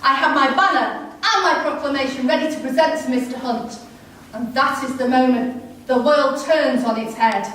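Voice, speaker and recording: A woman's voice: sits high, moderate pace, fairly bright tone, a little hiss or hum. A woman playing a proud woman marcher, far off. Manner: earnest first-person telling. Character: working woman marcher, proud then wounded. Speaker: narrating character. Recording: very echoey, distant mic.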